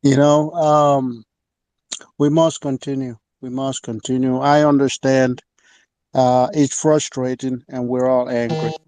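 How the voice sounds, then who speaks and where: A man moderates an online audio room in a halting, casual way, with plenty of fillers. His voice is mellow and sounds close and dry. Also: medium pitch, level tone, no room sound. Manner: laughing, halting, with many fillers.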